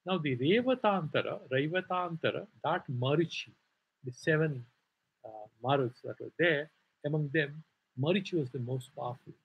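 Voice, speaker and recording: Gravelly Indian man teaching scripture. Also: fairly high pitch, moderate pace, muffled recording. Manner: explanatory and digressive, many "sort of" hedges. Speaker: Vedanta teacher. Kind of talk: scripture class lecture.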